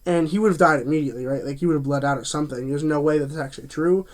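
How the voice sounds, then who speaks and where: A man talks through a film review in a loose, chatty way, his voice sitting a little higher than most men's. He trips over his words, restarts sentences and leans on fillers as he goes. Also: rapid-fire. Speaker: movie reviewer. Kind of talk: casual spoken review.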